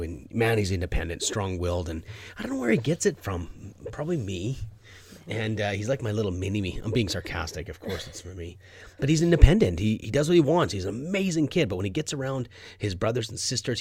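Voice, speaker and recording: Animated man telling stories on a podcast. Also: no echo, clean studio sound. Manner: animated, acts out quotes with big jumps in pitch and volume. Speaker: podcast host. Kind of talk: candid conversational storytelling.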